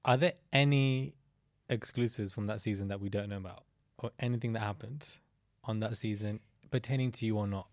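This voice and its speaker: Woman podcast host, really low voice, teasing, dry close sound. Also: a little mellow, no echo. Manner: teasing, quick interjections. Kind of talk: casual podcast chat.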